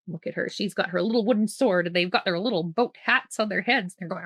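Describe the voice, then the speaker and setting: A woman's voice: on the low side, brisk, few pauses, a bit bright, no echo. A woman who grew up speaking reads a children's picture book aloud, with playful asides and frequent laughter. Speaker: children's storytime host.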